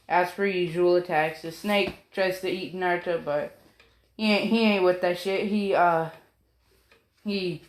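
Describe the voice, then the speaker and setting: Slow, distracted woman in an echoey room. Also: fairly low pitch. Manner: distracted, apologetic, swears casually. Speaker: storyteller. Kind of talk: rambling casual narration. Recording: roomy echo.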